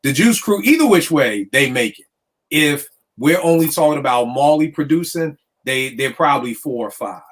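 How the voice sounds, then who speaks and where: A man's voice: a little high, expressive, normal speed. Talkative man hosting a hip-hop chat. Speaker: podcast host. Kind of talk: casual chat.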